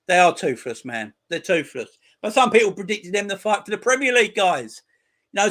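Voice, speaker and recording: A man's voice: high-pitched, bright, forceful tone. Man in his forties with crude, mocking banter. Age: 40s. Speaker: football channel host. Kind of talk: casual live-stream chat with viewers.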